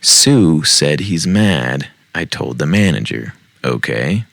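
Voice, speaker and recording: Man, podcast host, low creaky voice, dry sound, casual read-aloud, jokey asides. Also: animated, slow, fairly bright tone, dry recording. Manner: joking asides, self-mocking. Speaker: podcast host reading online posts. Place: home basement.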